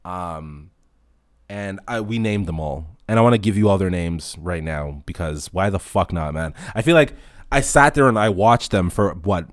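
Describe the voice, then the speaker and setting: A man hosting a casual solo podcast, telling profane stories in an animated way and acting out the dialogue. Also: low voice, normal speed, no room sound, studio quality. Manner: acts out dialogue in anecdotes. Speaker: podcast host.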